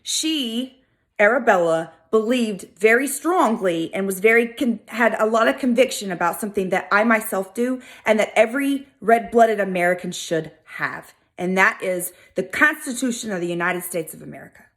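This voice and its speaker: A woman with a Southern US accent hosting a video, telling a history story in a casual, animated, sassy way. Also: mid-range voice, moderate pace. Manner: animated, chatty, sassy asides. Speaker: video host.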